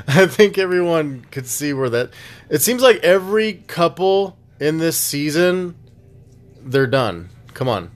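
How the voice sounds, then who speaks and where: A man's voice: a little high, very animated, takes it slowly. A man hosting a podcast, chatting casually in a laid-back, rambling way and laughing often. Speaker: podcast host. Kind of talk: casual chat.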